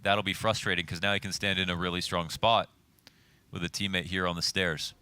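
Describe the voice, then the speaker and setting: Low-voiced guy doing esports analysis, bright and punchy, chatty, explains every angle. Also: level tone, fairly quick, slight background noise. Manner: chatty, explains tactics at length. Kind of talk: colour commentary.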